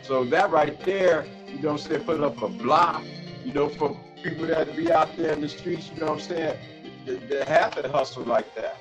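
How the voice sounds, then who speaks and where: A man's voice: fairly high pitch, moderate pace, muffled recording, over music. A man in a casual chat, chiming in agreeably and backing up the host. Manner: agreeable, chiming in with short affirmations.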